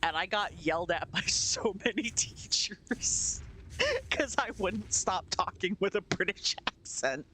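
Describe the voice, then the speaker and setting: A man streaming a game and chatting casually, his voice sitting a little high and bright. He tells stories with plenty of swing in his pitch and breaks into laughter often. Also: takes it slowly, slight background noise. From Pennsylvania, USA. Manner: animated storyteller, laughs often. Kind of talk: casual chat while gaming.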